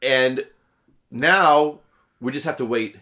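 A man in casual podcast chat, recounting a story with animated energy and frequent laughter. His voice sits in an ordinary middle register for a man. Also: medium pitch, takes it slowly. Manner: animated, laughs often, repeats words. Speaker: podcast co-host, parent.

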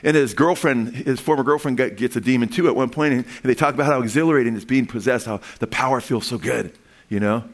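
A man preaching a sermon in a loose, conversational way, often restarting phrases and building to excited emphasis. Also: medium pitch, quick pace. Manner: animated and conversational, with frequent restarts and rising emphasis. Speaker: pastor.

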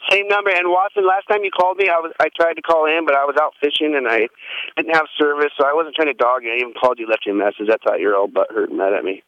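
A man's voice: a little high, fairly even intonation, very fast, fairly bright tone, no echo, lo-fi sound. A man chatting casually as a call-in guest, rambling and joking. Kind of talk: casual chat.

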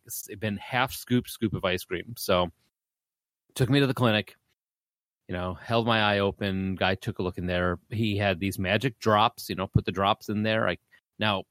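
A man's voice: fairly low pitch, a bit bright, no room sound. A man co-hosting a podcast, telling a story in casual chat and acting out the voices of the people he quotes. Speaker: podcast co-host.

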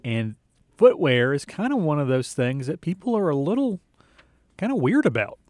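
A man's voice: on the high side, big pitch swings, moderate pace, darkish tone, no echo, studio quality. A man co-hosting a radio talk show, playful and teasing. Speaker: radio co-host.

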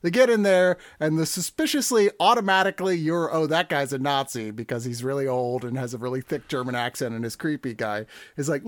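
A man hosting a casual movie review podcast, rambling and animated, swearing freely. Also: mid-range voice, brisk, dry recording. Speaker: podcast host.

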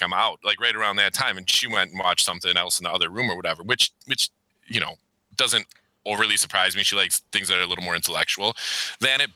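A middle-aged man ranting about a film in loose, profane chat, his voice bright and forceful. He sits a little low in pitch but climbs sharply when worked up. The sound is dry and close. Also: no echo, rough recording. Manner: profane, animated, rants in raised voice. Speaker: podcast co-host. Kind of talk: casual movie review chat.

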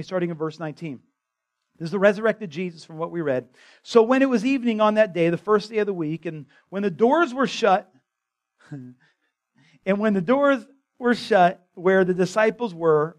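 A man preaching a conversational, impassioned sermon as pastor in a church. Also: high-pitched. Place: church sanctuary.

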